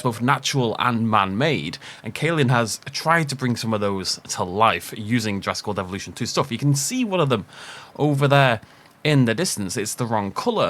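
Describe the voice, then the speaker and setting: A man giving a casual, upbeat commentary on a video game park tour, chatty and quick to laugh at his own jokes. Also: mid-range voice, fairly bright tone, a little hiss or hum.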